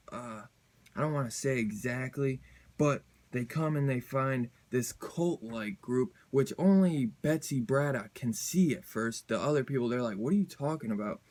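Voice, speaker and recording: A man's voice: mid-range voice, a little slow, darkish tone. Rambling casual man reviewing comics. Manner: rambling, lots of fillers and restarts, slangy.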